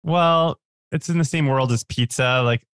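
A man's voice: medium pitch, measured pace, a bit bright, clean tone, no room sound. A man guest on a podcast, chatting casually and telling stories with lots of likes and restarts. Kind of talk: casual chat.

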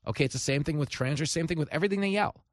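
A man, hosting a talk radio show with animated, sarcastic commentary. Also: a little high, racing, no room sound, clean studio sound. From New York.

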